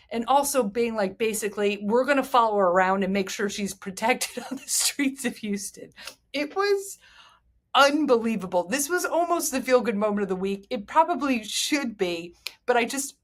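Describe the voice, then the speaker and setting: A woman hosting a podcast in a chatty, candid, rambling way. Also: mid-range voice. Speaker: podcast host. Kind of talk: casual chat.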